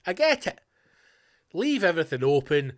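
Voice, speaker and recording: A man's voice: on the high side, sing-song, normal speed. A Scottish man hosting a podcast, delivering a sweary, sarcastic comedic rant. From Scotland. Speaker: podcast host.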